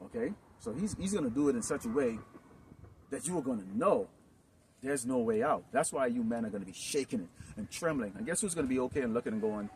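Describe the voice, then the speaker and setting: A man preaching in a rambling, improvised sermon, filling his talk with "okay?" and "you know" and swinging into loud outbursts. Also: mid-range voice, expressive, a little fast. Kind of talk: improvised street-camp sermon. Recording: distant mic with noisy background.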